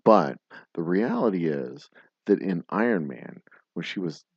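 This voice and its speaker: Brief: tipsy livestream host, male, low voice with lively swings, crude rants, dry lo-fi webcam sound. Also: a little slow, gravelly, slightly rough, dry recording. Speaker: host of a drinking livestream show. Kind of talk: rambling profane livestream chat. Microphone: webcam livestream setup.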